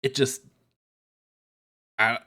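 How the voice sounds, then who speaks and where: A man co-hosting a podcast, casually retelling a TV episode in a loose, profane way with quick asides. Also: sharp tone. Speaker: podcast co-host. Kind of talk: casual chat recapping a TV episode.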